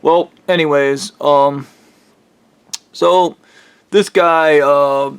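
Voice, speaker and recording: A man's voice: fairly high pitch, fairly even intonation, very slow, smooth. A man telling a true spooky story in a casual, rambling way, swearing and correcting himself as he goes.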